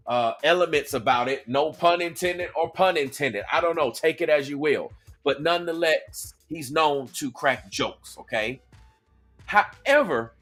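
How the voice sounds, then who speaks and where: A man with a Southern American accent hosts a livestream and greets his chat by name. He talks in an animated, repetitive way, and his voice sits a bit high for a man. Faint music plays underneath him. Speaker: host. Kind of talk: livestream commentary.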